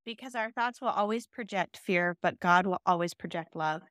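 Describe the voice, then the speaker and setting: A woman's voice: fairly low pitch, normal speed, dry recording, clean studio sound. Earnest woman co-hosting a faith podcast. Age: adult with children. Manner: earnest, animated, laughs while telling stories. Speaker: podcast co-host.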